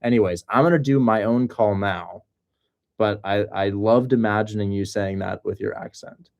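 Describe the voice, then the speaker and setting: Young guy hosting a chatty stream, lowish voice, gets excited and jokes around. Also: normal speed, vocal fry, dull audio. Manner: excitable and joking, breaks into loud mock accents. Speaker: host of a livestream on real estate wholesaling. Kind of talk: casual livestream talk.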